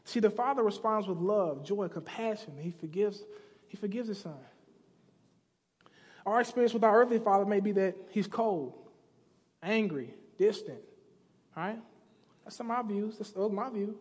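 A man's voice: high-pitched, a little slow, pauses often, breathy edge, in a large hall. A man preaching a sermon, telling stories and acting out characters in a casual, slangy way. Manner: acts out characters with slang voices. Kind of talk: sermon storytelling. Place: church sanctuary.

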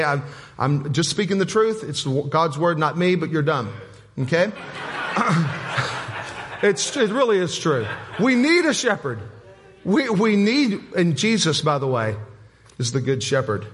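A man's voice: a little high, a bit bright. A man preaching a sermon as pastor, in a folksy, emphatic way with repetition and humor. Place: church sanctuary. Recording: long hall reverb.

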